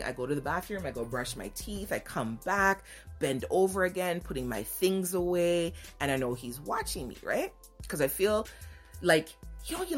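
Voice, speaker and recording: A woman hosting a podcast, telling a frank personal story and acting out both sides of the dialogue. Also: low voice. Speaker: podcast host. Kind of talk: candid storytelling monologue.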